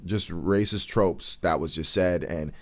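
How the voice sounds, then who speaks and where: Lowish voiced guy, earnest livestream host, keeps hammering his point. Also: a little slow. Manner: earnest, emphatic, repeats points. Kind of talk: commentary on current events.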